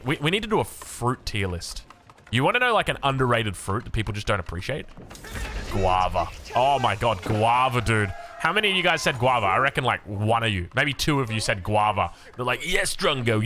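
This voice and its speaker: A man's voice: medium pitch, bright, forceful tone. An Australian man casting a strategy game, chatty and self-mocking, drifting into rambling asides. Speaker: game caster. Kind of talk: casual game commentary.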